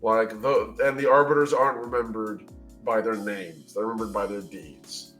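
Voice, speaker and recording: A man's voice: fairly low pitch, fairly even intonation, moderate pace, a bit bright. A man chatting casually on a live stream, brainstorming ideas in a loose, rambling way full of fillers. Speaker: worldbuilding stream host. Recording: faint music underneath.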